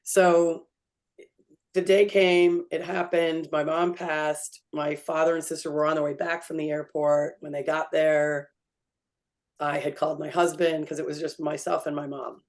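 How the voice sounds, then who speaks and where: A woman co-hosting a podcast, telling a personal story in an animated way with laughter and free swearing. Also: low-pitched, a little slow. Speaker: podcast co-host. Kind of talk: casual storytelling chat.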